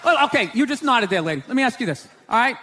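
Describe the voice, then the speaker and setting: A male stand-up comedian doing a brash set, shouting and talking to the crowd. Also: extremely high pitch, big pitch swings, quick pace. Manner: brash, shouting, talks to the audience. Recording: live room with crowd and noise.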